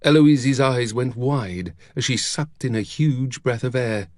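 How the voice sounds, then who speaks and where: A man narrating an audiobook with expressive, dramatic storytelling. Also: medium pitch, unhurried, dry recording, studio quality.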